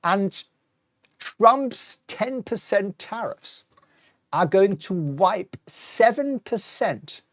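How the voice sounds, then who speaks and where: A man's voice: sits high, animated, very slow, no room sound. A middle-aged man hosting a live-streamed stock market talk, chatty and wry, reading out viewer comments as he goes. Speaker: host.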